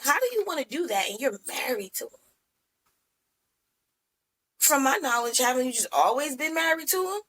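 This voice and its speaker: High, husky-voiced woman chatting. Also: animated, a bit bright, rough recording. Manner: quick interjections and agreement. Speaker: podcast co-host. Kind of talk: casual chat.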